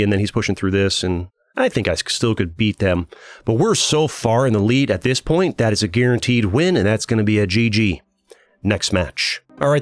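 A man with a fairly low voice talks through a strategy match as he plays. He thinks aloud, with frequent ums and restarts. Faint music plays under him. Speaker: gaming channel host. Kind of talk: casual gameplay commentary.

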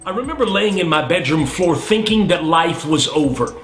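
A man's voice: a little high, animated, normal speed, fairly bright tone, faint music behind. A man who is a minister, giving an impassioned, emphatic testimony sermon. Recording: roomy echo.

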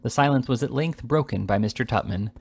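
A man reading a classic novel aloud in a steady, measured storytelling manner. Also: mid-range voice, creaky, breathy edge. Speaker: reader. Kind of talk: audiobook narration of a classic novel.

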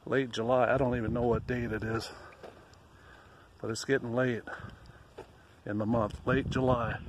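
A man's voice: medium pitch, background noise. A man chatting while walking outdoors in a wooded park, rambling and self-deprecating, a bit out of breath. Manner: self-deprecating, rambling, sings folk song slowly. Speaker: vlogger. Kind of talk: casual walking vlog with singing. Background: faint outdoor ambience.

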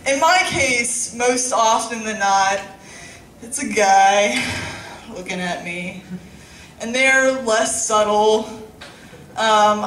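A woman's voice: on the high side, fairly bright tone, far from the mic, a little hiss or hum. A young woman performing a casual, profane stand-up set in a small club, with laughing asides. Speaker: stand-up comic. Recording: echoey club room, faint ambience.

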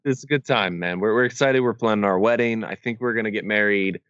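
A man's voice: fairly low pitch, quick pace, a bit bright, clean tone, dry recording, lo-fi sound. A man co-hosting a podcast, chatting casually and rambling through a story with lots of "like" and "man". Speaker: podcast co-host. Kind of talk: casual chat.

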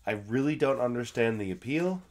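A man's voice: medium pitch, lively intonation, brisk, a little mellow. A man co-hosting a casual podcast, drunk and sick, with sardonic, self-deprecating remarks. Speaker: podcast co-host. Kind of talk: casual chat.

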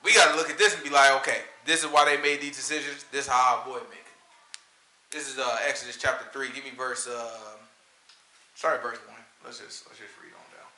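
A man teaching scripture in an informal, conversational sermon, slangy and animated, often checking in with "right?". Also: medium pitch, a little fast, roomy sound. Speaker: teacher leading a scripture study.

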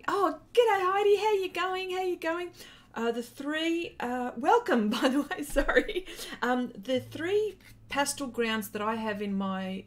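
A woman with an Australian accent hosting an art livestream, chatting casually and greeting viewers by name between many fillers. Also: on the high side.

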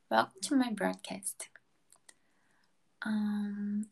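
A young woman from Brazil chatting softly with viewers on a live stream at night, often drifting into a whisper and filling gaps with ums. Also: a little high, gravelly. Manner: slow, soft-spoken, with frequent ums and light laughs.

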